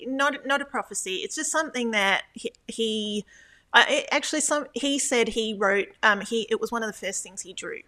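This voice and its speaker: A woman's voice: fairly high pitch, moderate pace, pushed and bright. Hesitant, reflective woman interviewee. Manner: reflective, hesitant, many fillers and restarts. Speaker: guest, former church elder.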